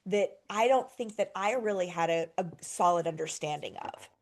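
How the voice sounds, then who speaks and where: A woman podcast host tells a personal story in relaxed conversation. She is animated and curses freely, acting out her own reactions as she goes. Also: lowish voice, moderate pace. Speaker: podcast host, trauma therapist. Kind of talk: casual storytelling chat.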